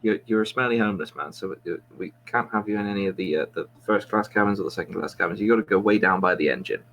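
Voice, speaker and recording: A man's voice: lowish voice, fast, a bit bright, a little hiss or hum. A man voicing a curt, snobbish ship captain in a joke, laying down rules dismissively.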